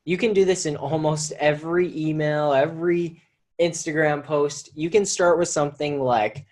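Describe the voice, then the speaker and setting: A man teaching a live online copywriting lesson, talking in a conversational, energetic way, restarting phrases and repeating himself as he explains. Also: fairly high pitch, normal speed. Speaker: marketing teacher.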